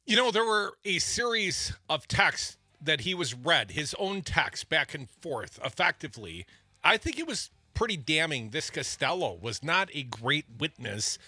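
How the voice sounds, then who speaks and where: A man's voice: a little high, big pitch swings, unhurried, sharp tone, husky, no room sound. A man co-hosting a political talk show, blunt and mocking in his commentary. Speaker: co-host.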